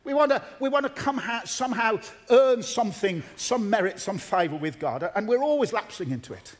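A man's voice: high-pitched, animated, fairly quick. A man delivering a sermon to a congregation in an earnest, emphatic way, repeating key phrases for weight. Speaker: preacher.

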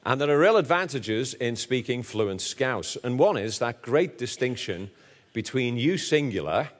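A man with a Liverpool accent preaching with lively, humorous energy. His voice sits at an ordinary pitch for a man but rises into booming emphasis and then drops into hushed, slower asides. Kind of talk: sermon.

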